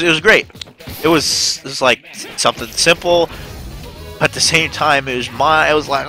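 Man, casual stream chat, excitable, bright tone, sudden high shouts, faint background music. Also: moderate pace. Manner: excitable, swearing, bursts into high-pitched shouts when reenacting reactions. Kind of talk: casual chat while gaming.

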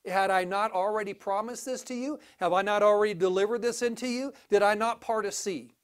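A pastor's brisk, clean-toned sermon in church is animated throughout. Sudden exclamations alternate with low asides, and he frequently begins again.

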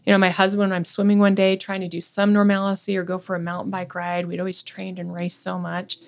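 A woman in her forties, a podcast guest, talking earnestly and candidly in a personal conversation, often dropping to a hushed low voice. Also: monotone, fairly quick.

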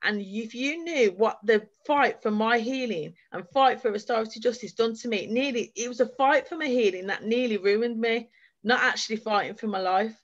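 A woman's voice: a little high, normal speed, highs cut off. A woman giving an earnest, heartfelt personal testimony as a guest speaker at a forum, talking in long flowing runs. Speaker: guest speaker sharing her experience.

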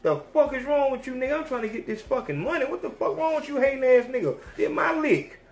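A man's voice: animated, fast talker. A man voicing an angry young man snapping profanely at a hater. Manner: high, heated, profane. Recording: roomy echo.

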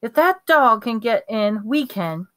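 A woman's voice: a little high, expressive, unhurried, a bit bright. A woman voicing an urgent teenage boy wizard, grim and panting.

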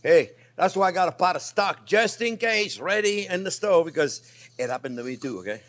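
An older man with a French accent, a chef chatting warmly through a cooking demonstration and calling viewers his friends. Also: sits high, animated, normal speed. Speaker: chef host.

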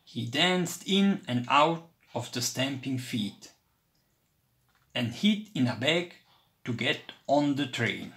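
A man reading a children's storybook aloud with expressive, unhurried storytelling. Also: medium pitch. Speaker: storybook reader.

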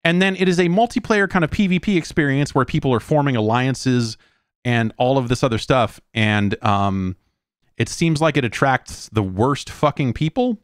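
A man in his forties hosts a podcast, ranting casually and with exasperation, swearing often and mocking what others say in quoted voices. His mid-range voice is clear and resonant at normal speed, in a studio-quality recording with no echo.

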